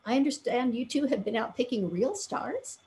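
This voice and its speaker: A woman's voice: fairly high pitch, expressive, moderate pace, darkish tone, a little hiss or hum, voice pushed up. A woman reading as kindly old Santa Claus.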